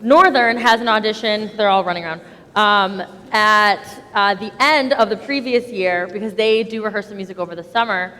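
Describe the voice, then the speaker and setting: Bright-voiced chatty woman director in a hall. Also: mid-range voice, normal speed. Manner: chatty, self-deprecating. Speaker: choir director. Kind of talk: addressing a concert audience. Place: school concert stage. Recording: long hall reverb with audience.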